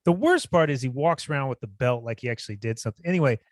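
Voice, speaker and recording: Male podcast co-host, mid pitch, dry close sound, blunt and foul-mouthed, heated casual banter. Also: quick pace, dry recording. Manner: blunt, profane, animated when mocking others. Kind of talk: casual chat.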